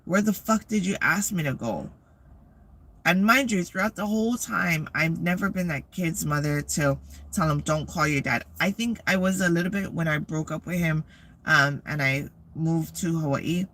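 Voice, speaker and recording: Woman vlogger, forceful bright voice, profane rambling storyteller. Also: deep voice, moderate pace. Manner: profane, rambling, animated retelling. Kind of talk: casual storytelling.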